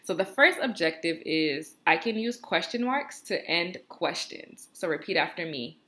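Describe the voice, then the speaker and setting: A woman teaching first graders in a recorded video lesson, with slow, clear, encouraging talk and drawn-out repeat-after-me phrases. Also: lowish voice, animated, fairly bright tone.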